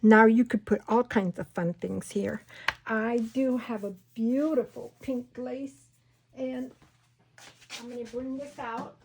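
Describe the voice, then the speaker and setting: A woman hosting a casual crafting tutorial at home, chatting and talking herself through each step, sometimes dropping to a soft whisper. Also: on the high side, steady tone, slow pace, a little hiss or hum. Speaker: craft channel host.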